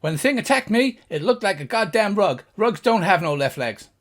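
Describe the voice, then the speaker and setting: A man voicing a panicky, cranky male gnome king who shouts and curses. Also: high voice, sing-song, moderate pace, voice pushed up. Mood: agitated shouting. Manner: shouting, gruff, cursing.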